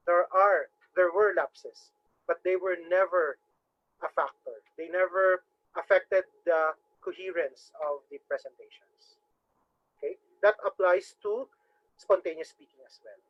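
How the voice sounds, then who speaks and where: A man's voice: high voice, dry recording. A man with a strong Visayan Filipino accent teaching public speaking in an online webinar, earnest and often repeating words as he thinks. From Philippines, Cebu. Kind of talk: webinar lecture. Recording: dry, dull lo-fi webinar audio.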